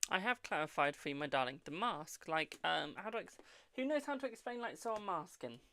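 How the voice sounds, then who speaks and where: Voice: very animated, fairly quick, pushed and bright, no room sound. A tarot reader hosting a live stream in casual chat, filling talk with "like" and calling viewers darling. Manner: chatty, fills with "like", calls viewers darling and Boo; yawning, low-key.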